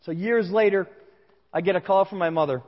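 A higher-voiced male pastor preaching in a reverberant hall. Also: brisk. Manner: candid personal storytelling, conversational. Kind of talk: sermon. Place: large room with a congregation. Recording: dull sound with long hall reverb.

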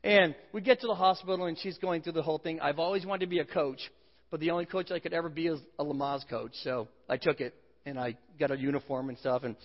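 A man in his forties preaching a sermon, telling a humorous, self-deprecating family story to his congregation. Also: high voice. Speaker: pastor. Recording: dull sound with long hall reverb.

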